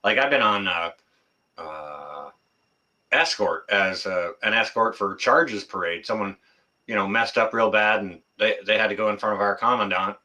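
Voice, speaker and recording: A man co-hosting a stream, chatting in a relaxed way with loose fillers. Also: on the low side, moderate pace. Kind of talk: casual chat.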